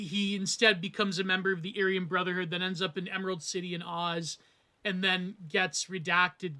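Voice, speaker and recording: A film reviewer delivers a casual, rambling analysis of a movie, drifting into tangents and asides and acting out quotes before circling back. His voice is high for a man, bright and forward.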